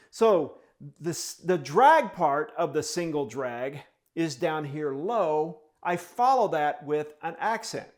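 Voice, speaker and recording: A man teaching a drum lesson step by step, speaking the rhythms aloud in syllables as he demonstrates them. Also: a little high.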